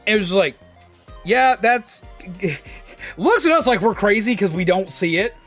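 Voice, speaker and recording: Man streamer, fairly high voice, excitable, swearing, faint music behind. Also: moderate pace. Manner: excitable, swears a lot, many fillers. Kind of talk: casual storytelling on a live stream.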